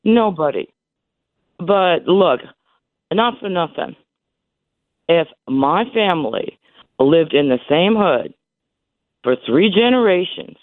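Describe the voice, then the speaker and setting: A woman's voice: medium pitch, no room sound. A woman in her sixties calling in to a radio show, talking emphatically with emotion. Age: 60s. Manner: emotional, emphatic, repeating herself. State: voice breaking with emotion. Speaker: caller. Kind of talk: call-in radio chat. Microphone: telephone. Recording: tinny phone line.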